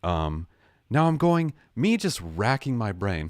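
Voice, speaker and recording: A man's voice: lowish voice, big pitch swings, normal speed, no echo, studio quality. A man hosting a livestream, telling a story in a jokey, sarcastic way and correcting himself as he goes. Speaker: livestream host. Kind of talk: casual storytelling rant.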